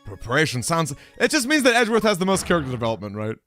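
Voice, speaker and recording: A man's voice: on the high side, huge pitch swings, very fast, a bit bright, soft background music. A man streaming a video game, chatting casually, reacting aloud and reading out the game's text. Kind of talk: casual let's-play commentary.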